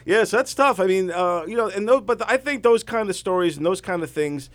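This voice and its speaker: A man's voice: sits high, fairly quick, fairly bright tone. A man, a comedian, chatting casually, laughing often and trailing off mid-sentence. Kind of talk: casual chat with storytelling.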